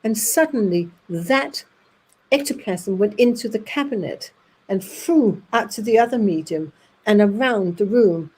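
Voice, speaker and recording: At an audience evening, a Danish woman with a Danish accent tells lively anecdotes, acting out the voices of the people in them and restarting haltingly. Her voice is mid-range, and the recording quality is low.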